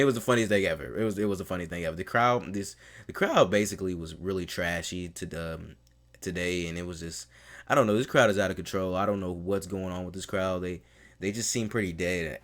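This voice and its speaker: A man with a low, deep voice talks casually through a review like an eager fan. He strings his thoughts together loosely, leaning on fillers like "man" and "you know.". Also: a bit bright. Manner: mimics the people he quotes in a raised voice. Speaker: wrestling show reviewer.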